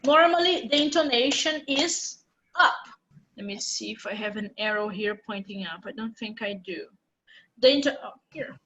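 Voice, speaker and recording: Bright high-voiced woman teaching slowly. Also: poor audio. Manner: patient, explains step by step. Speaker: English teacher. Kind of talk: live online class instruction.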